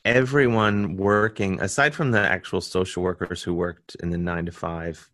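An American man, a comedian guest, telling a story in casual chat and jumping into high voices when quoting people. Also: steady tone, normal speed, a bit bright, dry recording, clean studio sound.

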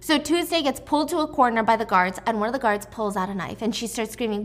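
A woman's voice: on the high side, fast, few pauses. A woman casually recapping a film's plot in a chatty, dramatic way, with casual swearing. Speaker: movie recap vlogger.

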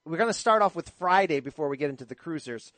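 A man's voice: a little high, lively intonation, fast talker, a bit bright, no echo. A man hosting a boxing podcast, telling a story with eager enthusiasm. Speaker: podcast host. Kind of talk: casual chat.

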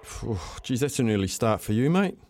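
A man's voice: mid-range voice, sing-song, moderate pace, darkish tone. A man with a New Zealand accent hosting a casual radio call-in show, chatty and upbeat with callers. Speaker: radio host.

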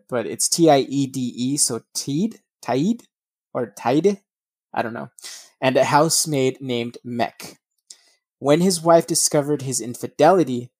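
A man's voice: mid-range voice, a little mellow, no echo. A man reading a true crime case aloud, breaking off for blunt, profane asides and stumbling over names.

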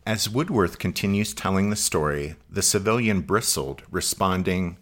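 A man co-hosting a history podcast, reading a scripted narration in a measured way. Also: sits low, animated, fairly bright tone. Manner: measured, reads quotes with some color. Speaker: podcast co-host.

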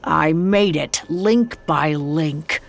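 A woman's voice: sits low, very slow, creaky, full character voice. A woman voicing the grim ghost of an old man bound in chains, speaking solemn warnings in an audio drama reading.

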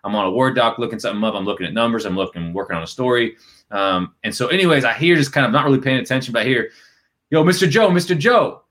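A male sports reporter in casual podcast talk. He tells his story with energy and slips into other voices to act out quotes. His voice sits at an ordinary middle pitch. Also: very fast. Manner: animated, acts out quotes in shifting voices.

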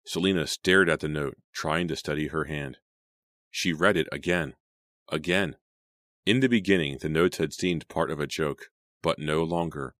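A man reading a horror audiobook in a steady, suspenseful narration. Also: a bass voice, normal speed, no echo, studio quality.

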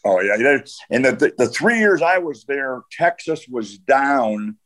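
Man, football coach, interview guest, rambling anecdotes, lots of fillers, mid-pitched voice. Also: lively intonation, measured pace, fairly bright tone.

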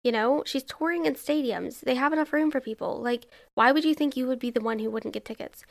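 A young woman hosts her own podcast and talks on her own in a loose, wandering way. She keeps questioning herself out loud. Her voice sits a bit high and has a steady vocal fry. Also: a little fast. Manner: rambling, self-questioning, heavy use of "like". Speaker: podcast host. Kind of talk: casual solo podcast monologue.

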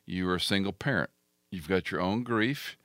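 A man's voice: sits low, moderate pace, a bit bright, dry recording, studio quality. A man hosting an interview, sympathetic, often finishing his guest's sentences.

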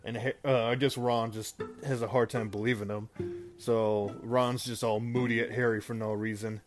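A man's voice: medium pitch, little pitch movement, moderate pace. Rambling man recapping into a phone. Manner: rambling, often corrects himself mid-sentence. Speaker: podcast host. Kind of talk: casual movie recap. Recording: music playing underneath.

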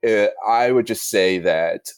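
A man's voice: lowish voice, takes it slowly, clear, resonant tone, no room sound. A young man from Northern California, a triathlete guest telling race stories in a rambling, self-correcting way with laughs between phrases. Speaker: guest athlete. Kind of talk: casual interview talk.

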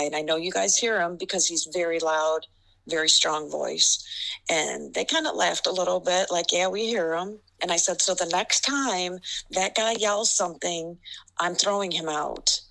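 A middle-aged woman with a low-set, gravelly voice and a bright, forceful edge tells stories as a guest on an interview podcast. She laughs often as she talks, and her delivery stays animated. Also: normal speed, low-quality recording. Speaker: basketball referee guest. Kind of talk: storytelling interview.

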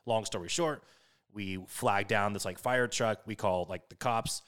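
Swearing, animated young man telling a story. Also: on the low side, unhurried, smooth. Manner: animated, swears a lot, many fillers. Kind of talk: casual storytelling.

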